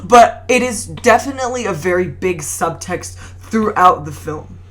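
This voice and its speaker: Animated woman podcast host. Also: on the low side, a little slow. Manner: animated, swears often, laughs a lot. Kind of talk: casual film podcast chat.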